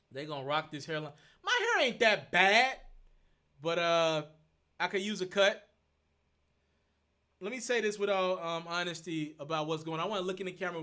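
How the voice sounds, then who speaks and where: A man's voice: sits high, sharp tone, clean tone. A man, hosting a live stream, thinking aloud as he answers viewer questions and repeating his points in an earnest, casual way. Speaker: host.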